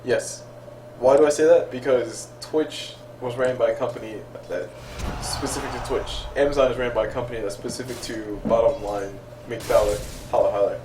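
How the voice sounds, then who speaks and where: A man casting a game in casual chat, excitable and quick to laugh as he tells stories. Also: mid-range voice, a crowd in the background. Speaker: game caster. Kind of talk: casual chat between casters. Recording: roomy, distant sound with faint room hum.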